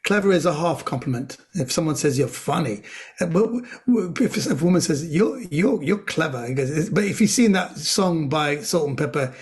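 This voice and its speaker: A middle-aged man, a comedian guest, chatting casually and telling jokes with animated delivery and quick character voices. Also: fairly high pitch. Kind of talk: casual storytelling chat.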